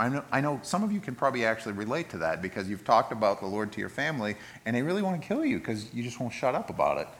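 A man preaching a sermon, animated, rising loud for emphasis and dropping quiet for scripture. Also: mid-range voice, rapid-fire, hardly any pauses. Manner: expressive, acts out voices in quotes, swings from loud emphasis to quiet reading.

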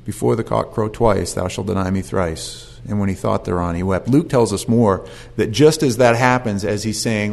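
A man's voice: lowish voice, normal speed, gravelly, few pauses, darkish tone. A man preaching a sermon, telling the story with animation and acting out voices.

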